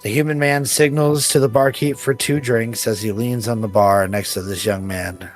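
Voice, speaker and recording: Over soft background music, a man with a mid-range voice acts as game master for a tabletop game, describing each scene vividly at a normal speed. His intonation stays fairly even, and he laughs between scenes.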